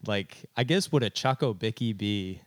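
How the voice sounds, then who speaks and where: A man's voice: lowish voice, expressive, normal speed. A man hosting a podcast, chatting casually and asking questions with enthusiasm. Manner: enthusiastic, short affirming replies, asks questions. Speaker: podcast host. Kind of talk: casual interview chat.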